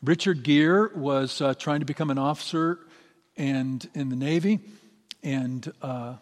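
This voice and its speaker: A man's voice: mid-range voice, measured pace. A middle-aged man preaching a sermon as pastor, earnest and building to emphatic peaks. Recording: long reverb of a large hall.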